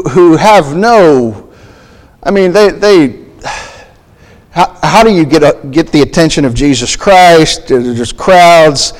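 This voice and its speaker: A man preaching a sermon in a halting, thinking-aloud way, often restarting his phrases and reading scripture aloud. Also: a little high. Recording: long hall reverb.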